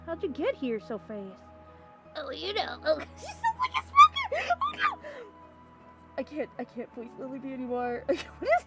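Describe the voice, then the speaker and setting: A young woman from California chatting casually with her viewers while drawing on stream, rambling, giggly and given to sudden excited squeals. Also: fairly high pitch. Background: faint music.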